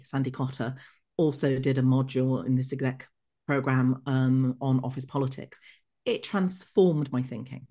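Lively middle-aged woman storyteller. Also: extremely low pitch. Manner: lively, acts out remembered dialogue. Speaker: guest, executive coach. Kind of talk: podcast interview storytelling.

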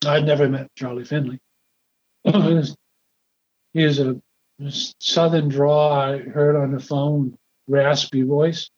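An older man being interviewed, telling a story in a halting, rambling way with repeated words. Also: fairly high pitch, level tone, a little mellow. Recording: dull lo-fi recording.

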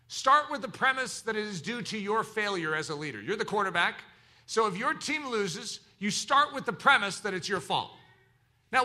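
A man's voice: high voice, pushed and bright. A man preaching a sermon as pastor, teaching in an emphatic, preacherly way.

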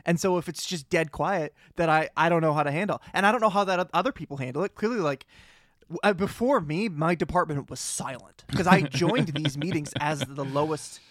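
A man's voice: fairly high pitch, a little fast, a bit bright, no echo, studio quality. A man with a Boston accent co-hosting a podcast in casual chat, rambling and self-deprecating, with many restarts. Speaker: podcast co-host.

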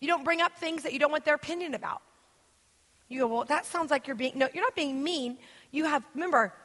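A woman teaches a church gathering in a high, bright voice, animated and acting out the people she quotes. Her words ring with the long reverb of a large hall. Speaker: guest speaker.

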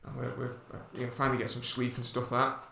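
Gravelly man in an echoey room. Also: medium pitch, monotone, fast talker, sharp tone, slight background noise. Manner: rambling, with many restarts and fillers. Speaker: podcast co-host and runner. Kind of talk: casual storytelling chat. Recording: echoey room, distant mic.

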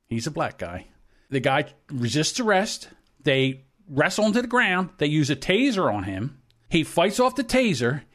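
A man of about sixty co-hosting a podcast, telling a long story bluntly and with plenty of swearing. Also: fairly high pitch. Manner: profane, blunt anecdote-telling. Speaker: podcast co-host. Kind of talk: casual chat, storytelling.

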